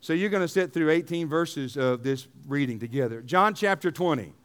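A man, a pastor, preaching emphatically, asking rhetorical questions and dropping to quiet asides. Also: fairly high pitch, animated, normal speed. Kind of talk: sermon.

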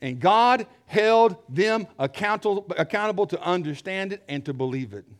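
A fiery preacher with a high-pitched male voice. He hammers his points with repetition and rhetorical questions, then drops to a low hush before building again. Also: animated, normal speed. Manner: swings from loud emphatic shouting to low hushed tones; repeats phrases for emphasis, asks rhetorical questions. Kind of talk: fiery sermon.

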